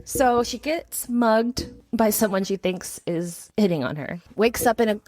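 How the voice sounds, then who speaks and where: A woman's voice: medium pitch, a little slow, a crowd in the background, rough recording. A woman co-hosting a podcast, telling rambling stories with frequent giggles. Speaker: podcast co-host. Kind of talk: casual chat.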